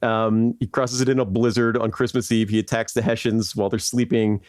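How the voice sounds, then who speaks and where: A man's voice: on the low side, level tone, a little fast, a little mellow, clean tone, no room sound, clean studio sound. A man hosting a podcast, telling history in a loose, rambling way, laughing often and tossing in "like" and "right?". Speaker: podcast host. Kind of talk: casual history storytelling.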